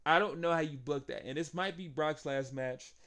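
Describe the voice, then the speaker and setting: A young man with a slightly high voice recaps a wrestling match in casual, excitable talk. He laughs often and acts out the wrestlers' lines as he goes. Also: moderate pace. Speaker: wrestling show reviewer.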